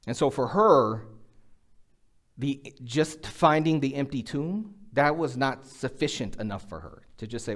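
A man's voice: animated, unhurried. Conversational man preaching a sermon. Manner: conversational preaching, acts out quotes with rising pitch. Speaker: pastor.

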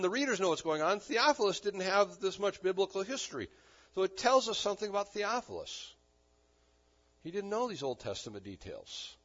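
Guy preaching, lively and emphatic, a bit high pitched, dull lo-fi recording. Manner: animated, emphatic, with dry humor. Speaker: pastor. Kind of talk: sermon.

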